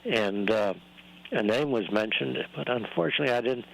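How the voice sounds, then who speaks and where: A man's voice: mid-range voice, normal speed, vocal fry, a bit bright, low-quality recording. A man who calls in regularly to a radio show, speaking politely and courteously in casual chat. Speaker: regular caller.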